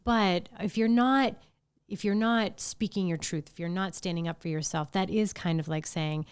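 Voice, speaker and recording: A middle-aged woman voice actor chatting casually as a podcast guest, animated and laughing often. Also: fairly low pitch, moderate pace, clear, resonant tone.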